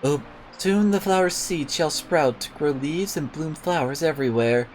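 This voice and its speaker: A man reading the lines of a polite, gentle young noblewoman in a game in a formal, soft-spoken way. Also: on the high side, a little slow, a little hiss or hum, voice pushed up, natural voice, rough recording.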